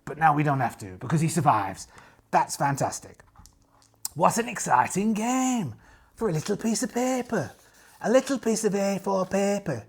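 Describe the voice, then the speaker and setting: Raspy-voiced man running a solo game. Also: sits high, normal speed. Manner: chatty, animated, jokey asides. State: tired, strained voice. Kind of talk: narrating a solo tabletop game.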